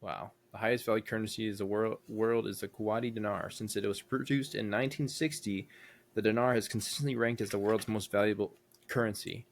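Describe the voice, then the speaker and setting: Young male podcast co-host, low voice, easygoing rambling delivery. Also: steady tone, brisk. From United States. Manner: rambling, thinks aloud with many fillers. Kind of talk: casual chat.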